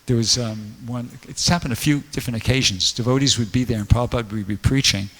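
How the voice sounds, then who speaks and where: In a temple hall, a man gives a casual scripture class, telling stories in a rambling style full of fillers. His medium-pitched voice is quick and a bit bright, followed by a long reverb tail.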